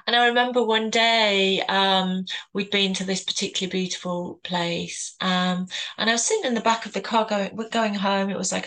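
A middle-aged woman from England talks in an unhurried, gentle manner, pausing and restarting as her thoughts wander. Her voice sits at a middling pitch, and her delivery is a soft, reflective, casual chat. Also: rough recording. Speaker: podcast co-host.

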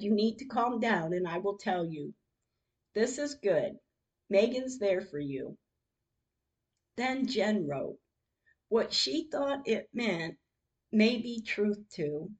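A woman podcaster reads her text messages aloud, slowly and with deep feeling. Her voice sits at an ordinary middle pitch, and her delivery is emotional and heartfelt. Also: darkish tone. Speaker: podcast host.

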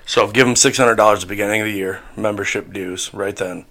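Fast-talking man with a gravelly voice. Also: fairly low pitch, fairly even intonation, a bit bright. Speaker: podcast co-host. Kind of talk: casual chat. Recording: faint background noise.

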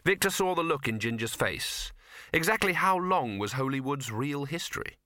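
A man's voice: mid-range voice, normal speed, dry recording, clean studio sound. A man reading a comic fantasy novel aloud as an audiobook narrator, giving each character a voice. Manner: lively, voices many characters. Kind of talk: scripted narration.

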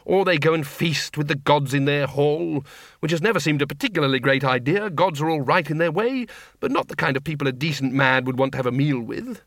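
A man's voice: fairly high pitch, lively intonation, a little fast, fairly bright tone, no echo, clean studio sound. A man voicing a timid, elderly male zombie wizard who stammers and hesitates. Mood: musing.

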